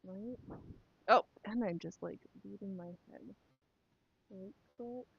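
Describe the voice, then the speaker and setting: A woman's voice: medium pitch, slow, vocal fry, husky, dry recording, highs cut off. A woman chatting casually to her live stream while sewing, rambling and talking to herself and her pets.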